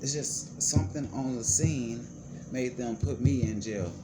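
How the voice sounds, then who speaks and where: A man in a middle register tells his story straight to the camera, fired up, cursing and pressing hard on his points. His voice leaps up and drops low as the feeling takes him. A steady hiss of background noise sits under everything. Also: measured pace. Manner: heated, profane and emphatic, with wide pitch swings. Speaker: vlogger telling his own story.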